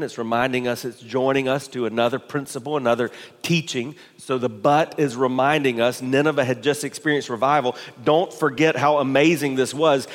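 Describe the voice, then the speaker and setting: A male pastor preaching a sermon to his congregation, building intensity with rhetorical questions. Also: medium pitch. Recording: long hall reverb.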